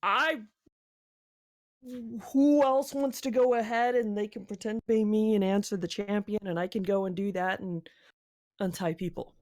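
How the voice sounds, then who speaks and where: A woman takes part in a tabletop game, speaking in a casual, hesitant way. Her voice sits at an ordinary middle pitch. She often trails off into questions. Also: steady tone, moderate pace, darkish tone. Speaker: player.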